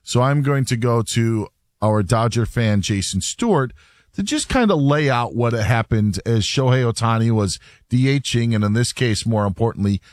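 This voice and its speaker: A man's voice: mid-range voice, animated, normal speed, no room sound. Dry sarcastic sports radio host, man. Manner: casual, dry sarcastic delivery.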